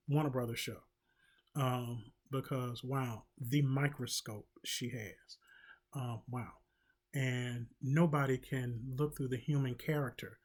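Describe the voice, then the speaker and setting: Slow-talking man with halting commentary. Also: medium pitch. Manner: slow, halting, with many filler ums and wry asides. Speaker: commentary channel host. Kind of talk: casual commentary monologue.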